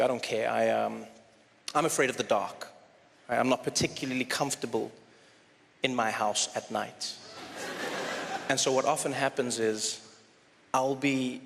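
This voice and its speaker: A man doing live stand-up comedy, telling self-deprecating stories with animated delivery. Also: medium pitch, gravelly, slight background noise. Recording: live show in a reverberant hall with crowd ambience.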